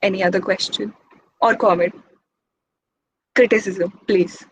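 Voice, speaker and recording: A young woman giving an informal talk as guest speaker, speaking quickly in a chatty, encouraging way. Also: medium pitch, fairly even intonation, slight background noise, low-quality recording. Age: young adult.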